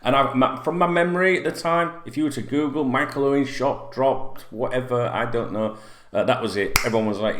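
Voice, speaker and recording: A man's voice: mid-range voice, a little fast, a bit bright, a little hiss or hum. A middle-aged man hosting a football fan channel, talking bluntly and rambling in a sweary rant to camera. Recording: roomy echo.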